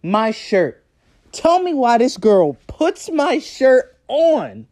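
A young man telling a story in a casual vlog, animated and profane, often breaking into laughter. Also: very high voice, slow pace. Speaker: vlogger.

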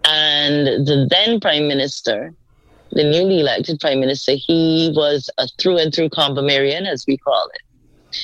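A woman's voice: sits low, dry recording. A woman from Barbados, a senator telling her own stories as an interview guest and acting out the dialogue. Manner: animated storyteller, acts out quoted dialogue. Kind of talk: casual storytelling interview. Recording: dull, dry recording.

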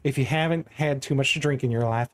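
A man's voice: medium pitch, fast, natural voice. Man voicing a doting Southern tavern-keeper woman. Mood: fussing. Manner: fussing, motherly, calls everyone honey.

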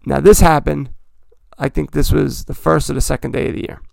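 A man hosts his podcast in a loose, rambling way, often stopping to correct himself. His voice is gravelly and sits a little high for a man. The sound is dry and close, with almost no room around it. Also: fairly even intonation, fairly quick, no room sound. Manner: rambling, chatty, self-correcting. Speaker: podcast host. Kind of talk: casual hobby talk.

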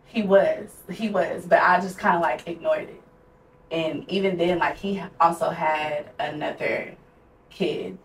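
A woman's voice: on the low side, fairly even intonation, measured pace. Young woman with a roomy, distant sound. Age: young adult. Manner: candid, conversational, heavy use of "like". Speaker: podcast co-host. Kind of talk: casual personal storytelling. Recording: roomy echo, distant mic, faint noise.

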